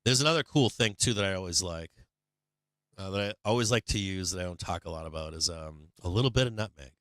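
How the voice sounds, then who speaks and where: Male stream host, low-pitched, forceful and clear, talks loose and swears a lot, dry close sound. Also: expressive, fast, no room sound. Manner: rambling and profane, answers chat. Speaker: livestream host. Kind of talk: casual livestream chat.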